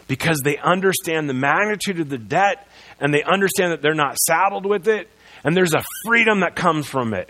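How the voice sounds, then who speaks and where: A man preaching a sermon as pastor in a church, moving between loud proclamation and quiet earnest passages. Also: fairly high pitch. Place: church sanctuary.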